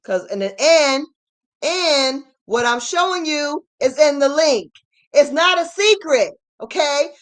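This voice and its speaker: A woman giving an emphatic, repetitive ranting commentary as host of her channel, at times rising to shouts. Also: sits high, animated, slow.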